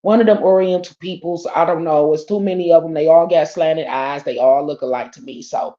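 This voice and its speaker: A woman's voice: low voice, steady tone, brisk. Blunt, slangy woman. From Detroit, USA. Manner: blunt, profane, slangy storyteller who addresses viewers as y'all. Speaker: livestream host. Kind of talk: casual storytelling tribute. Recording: dull lo-fi stream audio.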